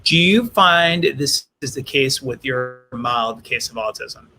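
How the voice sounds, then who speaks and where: A man's voice: mid-range voice, animated, slow pace, pushed and bright, soft background music. A man hosting a live-streamed interview on a video call, reading viewer questions aloud and rephrasing them for his guest. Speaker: host.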